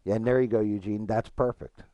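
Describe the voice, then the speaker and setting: A man's voice: lowish voice, fairly even intonation, a little fast, warm tone, no room sound, highs cut off. A man chatting casually with his stream chat while gaming, frank and profane, rambling and restarting his thoughts.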